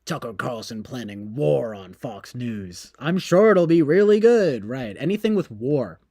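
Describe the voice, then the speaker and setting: A man's voice: medium pitch, big pitch swings, a little slow, few pauses, darkish tone, no echo, studio quality. Sarcastic rambling male streamer. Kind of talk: casual stream commentary.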